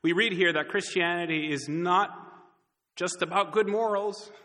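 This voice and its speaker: A man preaches to his congregation with a bright, somewhat high voice, leaning on words and slowing down for emphasis. The sound carries a long reverb from a large church hall. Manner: earnest preaching with dramatic pauses and emphasis. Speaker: pastor. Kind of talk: sermon.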